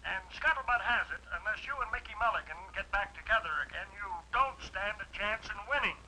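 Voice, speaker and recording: An actor playing an eager young man in a 1950s TV sitcom, with a high, excitable voice. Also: fairly quick, slight background noise, full character voice, poor audio. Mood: disguised politeness. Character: eager young man, studio page and hot-rodder.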